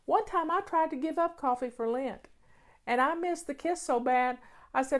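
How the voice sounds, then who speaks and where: Speaking in a high voice at a moderate pace, a woman fields questions on her casual home-organizing show. Her delivery is emphatic and folksy, with key phrases repeated.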